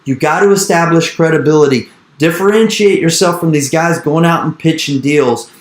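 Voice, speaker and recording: A man in his thirties telling an animated story in an interview, repeating his phrases and acting out the dialogue he quotes. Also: fairly high pitch, normal speed, reverberant. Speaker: real estate investor speaking to an investor group. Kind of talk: energetic storytelling talk.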